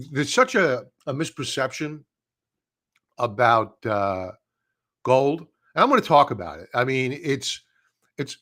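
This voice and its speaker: A man hosting a live market show from a desk mic. He talks casually and bluntly, with a middle-pitched voice. He scoffs at headlines and repeats himself for emphasis. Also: a bit bright. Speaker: livestream stock trading host.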